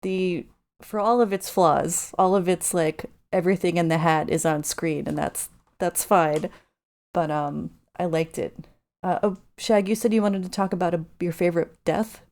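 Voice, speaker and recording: Relaxed lower-voiced woman, podcast guest. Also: normal speed. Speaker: guest scientist. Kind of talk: casual chat.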